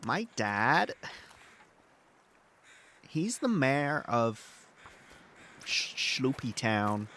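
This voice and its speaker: A man's voice: medium pitch, big pitch swings, extremely slow, few pauses, mellow, slight background noise. A man putting on a sassy valley girl. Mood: snooty. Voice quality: airy, sing-song valley girl drawl. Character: sassy valley girl, young woman, dismissive.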